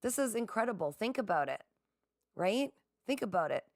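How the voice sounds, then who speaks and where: Speaking at normal speed, this middle-aged livestream host has a gravelly, mid-range voice captured at studio quality with no room sound. Excitable and quick to laugh, she addresses viewers directly, reading out their comments in a casual chat.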